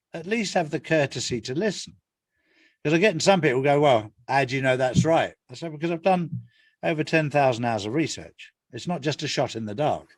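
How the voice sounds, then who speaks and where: An older retired Englishman, an author, speaks as a guest in an interview, casual yet earnest, repeating his points for emphasis. His voice is slightly high, recorded with studio quality and no echo.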